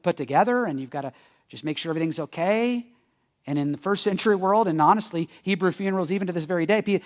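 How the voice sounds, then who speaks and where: A male pastor preaching a sermon in a conversational, joking style, swinging between loud bursts and hushed near-whispers. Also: sits high. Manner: joking asides. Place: church.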